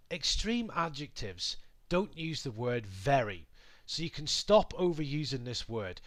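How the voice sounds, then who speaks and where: A man teaching English grammar to learners, patient and clear, with lots of example sentences. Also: fairly high pitch, dry recording.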